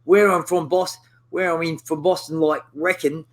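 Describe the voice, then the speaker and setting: A man's voice: a little high, steady tone, moderate pace, rough recording. A man with an Australian accent hosting a crude, rambling casual chat, swearing constantly. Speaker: host.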